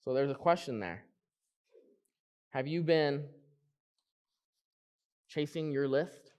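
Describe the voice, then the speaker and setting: A man preaching a sermon in church, earnest, repeating key phrases and slowing down to stress them. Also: a little high, darkish tone, clean tone.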